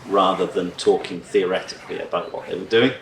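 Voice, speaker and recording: Farmer giving a conference talk, very deep voice, measured and deliberate, echoey hall, distant mic. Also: male voice, steady tone, vocal fry. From Scotland. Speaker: farmer speaker. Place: conference room.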